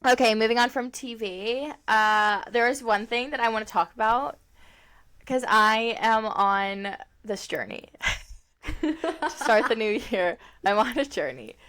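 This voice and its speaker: A woman's voice: a little high, a little slow, a bit bright. A young woman co-hosting a podcast in casual chat, rambling with lots of fillers and frequent laughs. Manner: chatty, rambling, laughs often, many fillers. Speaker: podcast co-host.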